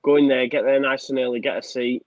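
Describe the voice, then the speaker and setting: A man's voice: mid-range voice, level tone, fast talker, dry recording, dull audio. A young man co-hosting a football fan show in easygoing, matey chat, laughing often. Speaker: co-host of a football fan channel. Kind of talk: casual chat.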